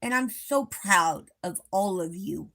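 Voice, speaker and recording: A woman hosting a live stream, speaking to her viewers in a gentle, reassuring way. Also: mid-range voice, slow pace. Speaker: livestream host.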